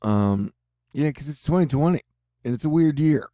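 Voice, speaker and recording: A man's voice: on the high side, animated, normal speed, warm tone, dry recording, clean studio sound. A man with a Texan accent hosting casual storm-tracking commentary over forecast maps, rambling with offbeat jokes. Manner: joking, rambling, offbeat asides. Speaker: weather video host.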